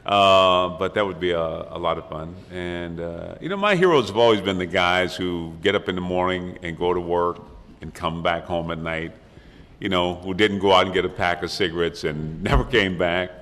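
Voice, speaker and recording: A deep-voiced older man with a bright, forceful edge tells a rambling panel anecdote, stopping and restarting as he goes. His voice carries through a large echoing hall over a faint hum of room noise. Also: normal speed. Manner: rambling storyteller, many restarts and laughs. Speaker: actor on a convention panel. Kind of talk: casual anecdote telling.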